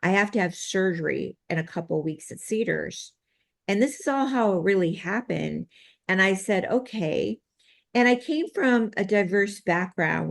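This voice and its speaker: Earnest woman with a lowish voice, rambling. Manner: rambling, with frequent restarts and run-on sentences. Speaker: guest, medical intuitive and healer. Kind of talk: personal storytelling in an interview.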